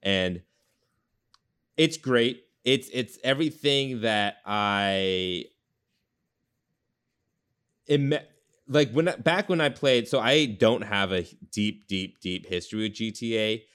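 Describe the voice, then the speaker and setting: A man's voice: fairly low pitch, slow, pauses often, a bit bright, clear, resonant tone. A man hosting a podcast in a rambling casual chat, full of fillers and restarts. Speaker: podcast host.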